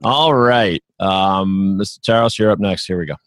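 Joking male radio host, low voice. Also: moderate pace, dry recording. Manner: joking, laughing, runs a quiz game. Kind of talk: casual radio chat.

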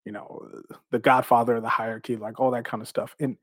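A professional wrestler, a man, tells stories from his career in a casual, animated way, swearing freely and laughing between phrases. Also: mid-range voice, quick pace, no room sound, clean studio sound.

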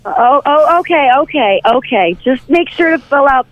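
A woman's voice: high voice, animated, normal speed. A woman receptionist on a phone call, polite and businesslike.

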